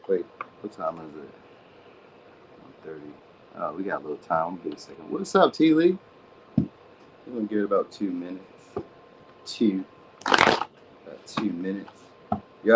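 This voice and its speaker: A man's voice: lowish voice, a little hiss or hum, poor audio. Slangy laid-back man reading tarot. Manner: slangy and loose, greets viewers, cusses, says "you know what I mean" a lot. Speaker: tarot reader hosting a live reading. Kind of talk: casual live-stream chat.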